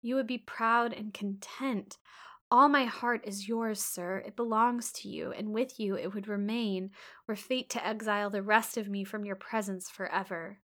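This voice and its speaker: A woman's voice: medium pitch, fairly even intonation, normal speed, a bit bright, lightly acted. A woman reading the part of an earnest, devoted young woman, speaking emphatically in a storybook reading.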